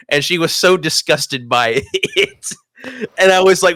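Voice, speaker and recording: A man's voice: on the high side, moderate pace, no room sound, clean studio sound. A young man co-hosting a podcast, telling a story in casual chat with lots of swearing and laughter. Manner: animated, swears often, laughs mid-story. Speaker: podcast co-host.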